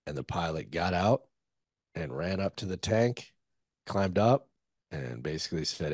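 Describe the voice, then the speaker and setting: Veteran man, very deep and husky, rambling profane storyteller, dry recording. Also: expressive, moderate pace, a little mellow, no room sound. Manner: loose, profane war storytelling with many fillers. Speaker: guest, former Army Ranger. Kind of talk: casual storytelling interview.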